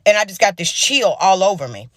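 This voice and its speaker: Fast-talking man, chatty and direct. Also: sits high, very animated, fairly bright tone, dry recording, studio quality. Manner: chatty, direct, talks to the audience. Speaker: caregiver. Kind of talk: casual storytelling to camera.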